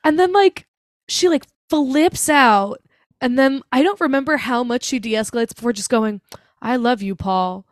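A woman's voice: sits high, expressive, moderate pace, no room sound, studio quality. A young woman co-hosting a podcast, chatting casually and swearing freely while recapping a movie and acting out its lines. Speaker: podcast co-host.

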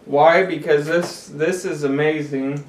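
A man's voice: on the high side, fairly even intonation, a little slow, slight background noise. Enthusiastic man, casual cleaning chat; roomy and distant sound. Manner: enthusiastic, sing-song when joking. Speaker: co-host. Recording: echoey room, distant mic.

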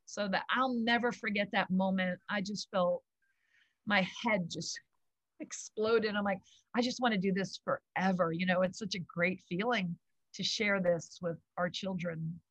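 A middle-aged woman, a yoga founder, tells stories in an animated, gushing way and laughs often. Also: mid-range voice, a little slow, no echo, lo-fi sound. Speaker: guest, kids yoga founder. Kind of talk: casual storytelling interview.

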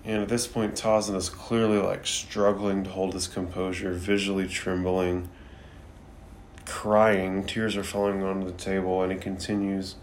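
A man's voice: low-pitched, flat delivery, normal speed, slight background noise. A man recapping an anime episode in a laid-back, casual way, swearing freely and using loose filler words. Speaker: anime reviewer.

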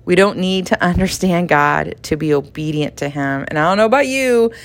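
A middle-aged woman, teaching a devotional in a chatty, animated way, acting out little dialogues. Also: lowish voice, normal speed. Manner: conversational, animated, acts out dialogue, laughs often. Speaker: podcast host and Bible teacher.

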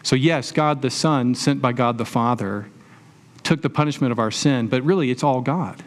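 A man's voice: mid-range voice, normal speed. A man preaching a sermon as a pastor, talking to the congregation in a conversational way, asking rhetorical questions and using everyday examples.

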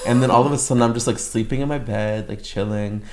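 A man's voice: fairly low pitch, fairly even intonation, quick pace, roomy sound. A young man from Canada telling a long story in casual chat, rambling with many filler words. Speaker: guest storyteller.

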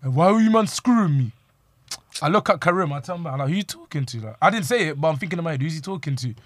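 A man's voice: on the high side, expressive, fast, no echo, studio quality. A young man, animatedly telling a street story to friends and acting out the quotes. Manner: slangy, acts out quoted lines.

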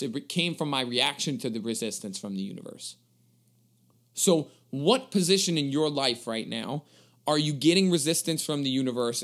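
A man's voice: mid-range voice, a bit bright. Emphatic man giving a motivational talk. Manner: emphatic, addresses listeners directly, spells words out.

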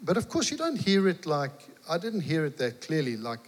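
A man preaching, telling a lively personal story and acting out the dialogue. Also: fairly high pitch, normal speed, few pauses. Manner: animated storyteller, acts out dialogue, laughs. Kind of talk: storytelling sermon. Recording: long hall reverb.

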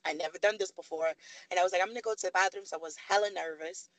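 A woman's voice: fairly low pitch, rapid-fire, no echo, low-quality recording. A woman in her thirties, a podcast guest, telling a personal story candidly and acting out the voices of people she quotes. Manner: animated, acts out quoted voices.

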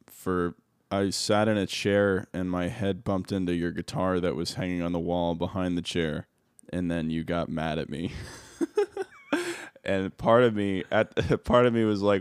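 A man's voice: deep voice, steady tone, measured pace, clean tone, no echo, studio quality. A young man co-hosting a podcast, chatting casually in an easygoing, teasing way and laughing along. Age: young adult. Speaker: podcast co-host. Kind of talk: casual chat.

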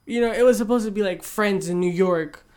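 A man's voice: high-pitched, brisk, a little mellow, clean tone. A young man co-hosting a casual podcast, talking in a rambling, easygoing way with many fillers. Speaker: podcast co-host. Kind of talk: casual chat.

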